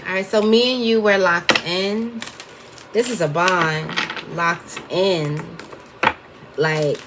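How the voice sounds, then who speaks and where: A woman's voice: fairly low pitch, fairly even intonation, slow, very noisy. A woman giving a casual tarot reading, chatty and wandering off topic as she talks to her viewers. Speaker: tarot reader.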